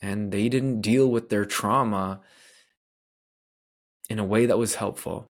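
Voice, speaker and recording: Male podcast host from Canada, lower voice, earnest confessional storyteller. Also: steady tone, slow. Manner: earnest, candid, loose with "like" fillers. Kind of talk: personal storytelling monologue.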